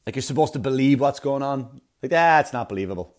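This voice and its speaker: A man performing a rambling stand-up comedy routine, full of filler words and quick asides. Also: medium pitch, animated. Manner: rambling, filler-heavy delivery with sudden breathy put-on voices.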